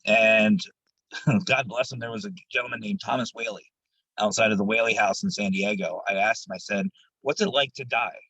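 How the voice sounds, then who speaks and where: A man who investigates the paranormal, a guest on an interview show, telling his stories in a casual, animated way. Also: on the low side, moderate pace, slightly rough, dry recording, highs cut off. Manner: animated, jumps into quoted voices, laughs while telling stories.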